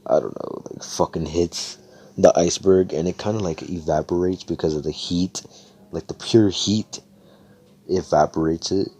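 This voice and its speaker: A young man with a very low, dark voice casually retells a role-play session. He rambles, swears freely and leans on fillers. The delivery is loose and conversational. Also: fairly even intonation, normal speed, slightly rough. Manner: rambling, profane, filler-heavy.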